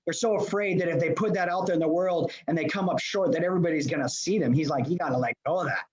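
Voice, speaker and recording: Male leadership coach, high voice, energetic, talks straight at the audience; dull video-call sound. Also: fast. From Los Angeles. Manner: energetic, addresses audience directly. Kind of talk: motivational seminar talk. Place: remote presentation to a live room.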